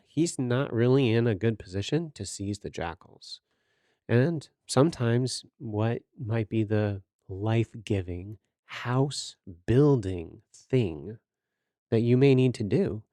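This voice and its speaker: A man's voice: mid-range voice, mellow, no echo, clean studio sound. A man hosting a podcast, giving earnest, sermon-like Bible teaching with rhetorical questions and direct exhortation. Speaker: podcast host teaching scripture.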